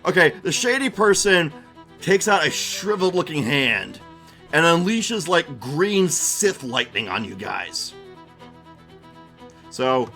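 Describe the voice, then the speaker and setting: Man, streamer game master, bright and lively, giggly narration, faint music behind. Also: on the high side, slow pace, long pauses. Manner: animated, giggly, chatting with viewers.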